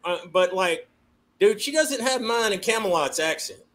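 A man from Georgia with a high, wildly swinging voice, joking and mocking himself through casual podcast banter. His pitch jumps up and down as he talks. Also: moderate pace. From Georgia, USA. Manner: animated, self-mocking, laughing. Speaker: podcast co-host. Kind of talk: casual crude podcast chat.

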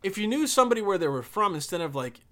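A man's voice: sits high, big pitch swings, quick pace, pushed and bright. A young man from Bosnia with no accent, talking in a rambling, profane, emphatic casual monologue.

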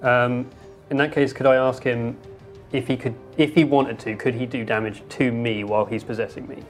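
A man playing a tabletop game, thinking aloud and getting excited about his moves. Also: medium pitch, normal speed, faint music behind. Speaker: player. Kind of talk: casual tabletop play.

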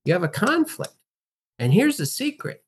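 A man's voice: very high voice, normal speed, slightly rough. Emphatic man coaching in an interview. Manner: emphatic and animated, teaching with rhetorical questions. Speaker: guest, acting and life coach. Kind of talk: casual interview talk.

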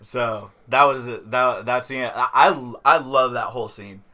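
A man's voice: mid-range voice, a little slow, pushed and bright. A man co-hosting a podcast, chatting casually about a TV series with laid-back reactions. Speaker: podcast co-host. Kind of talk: casual chat about TV shows.

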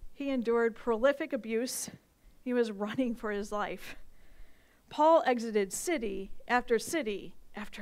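Woman pastor, high pitch, lively and playful sermon delivery before a congregation. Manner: animated, playful, with bursts of emphasis. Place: church service with live audience.

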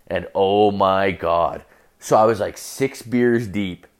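A young man with a somewhat low voice tells a story in a loose, rambling monologue. He swears almost every line and fills his sentences with "like". The delivery is casual and podcast-style. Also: slow pace. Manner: profane, rambling, heavy use of filler "like". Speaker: podcast host.

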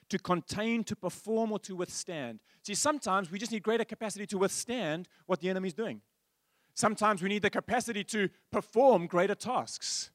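Pastor guy preaching, kinda high voice, dry close sound, goes big then real quiet. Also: dry recording. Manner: storytelling, swings from animated to hushed. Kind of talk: sermon.

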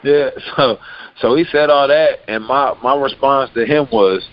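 A man born in America telling a story on a podcast in a relaxed, rambling way with many fillers. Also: mid-range voice, a little slow, muffled recording. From United States. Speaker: podcast host. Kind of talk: casual storytelling.

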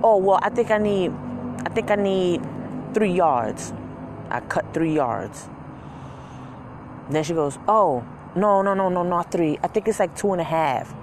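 A vlogger vents about a bad day in a profane, animated casual rant, acting out customers in mocking voices. The voice sits at a middling pitch. Clear car road noise hums underneath, as if recorded inside a vehicle. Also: measured pace, long pauses.

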